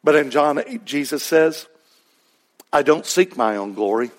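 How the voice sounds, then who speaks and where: A man's voice: on the high side, lively intonation, unhurried. A man with a Texas accent preaching a sermon as pastor, in a conversational style full of rhetorical questions.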